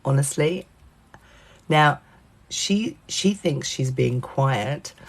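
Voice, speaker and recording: Gravelly woman telling a story. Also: deep voice, very slow, long pauses. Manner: animated, swears freely, lots of fillers. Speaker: channel host telling a personal story. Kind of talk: casual anecdote.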